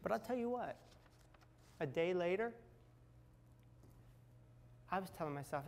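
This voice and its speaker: A middle-aged man telling a candid personal story, dramatic and confessional, dropping to a hush at tense moments. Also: high voice, lively intonation, unhurried, long pauses, slight background noise. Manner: candid, dramatic retelling with acted quotes and swings from loud to hushed. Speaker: speaker sharing a personal recovery story.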